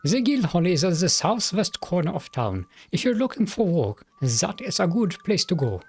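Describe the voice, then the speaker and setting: A weary, philosophical town sheriff, put on by a man with a mock German accent, pitched up well above a normal speaking voice. He hands out advice in a friendly, musing way, and his pitch moves a lot as he talks. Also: big pitch swings, moderate pace, slightly rough, full character voice. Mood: informative. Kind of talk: reading game dialogue aloud.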